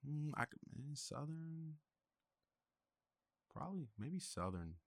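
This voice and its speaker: A man hosting a podcast in casual chat, halting and full of fillers, often restarting his sentences. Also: fairly high pitch, sing-song, no echo. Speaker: podcast host.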